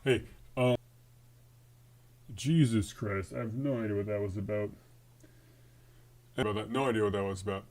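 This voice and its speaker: A man's voice: fairly low pitch, fairly even intonation, normal speed, pauses often, darkish tone. A man hosting a casual live coding stream, thinking aloud with fillers and restarts. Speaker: livestream host.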